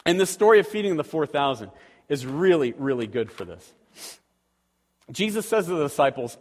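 Pastor, male, a bit high-pitched; chatty sermon full of rhetorical questions; long hall reverb. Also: sing-song, moderate pace, pauses often. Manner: conversational, asks the audience rhetorical questions; acts out quoted voices animatedly.

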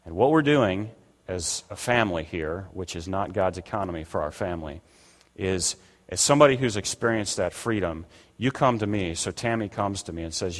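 A man's voice: low-pitched, moderate pace, a bit bright. An older man preaching a conversational sermon as pastor, acting out the voices he quotes. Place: church sanctuary. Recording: long reverb of a church hall.

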